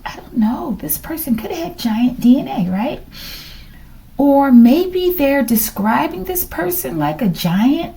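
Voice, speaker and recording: A middle-aged tarot reader gives a casual reading, musing aloud and questioning the cards, sometimes dropping to a whisper. Her voice is fairly high, creaky, and warm.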